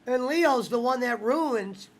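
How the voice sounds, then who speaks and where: High-voiced man in profane casual chat. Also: slow. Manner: excitable, swears a lot, keeps acting out movie lines. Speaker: watch-along host.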